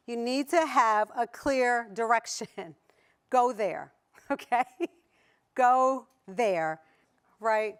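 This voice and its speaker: A woman's voice: a little high, takes it slowly, clear, resonant tone. A woman with a Southern US accent giving a motivational conference talk to an audience, playful, laughing often and putting questions to the crowd. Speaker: conference keynote speaker. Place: conference hall before an audience.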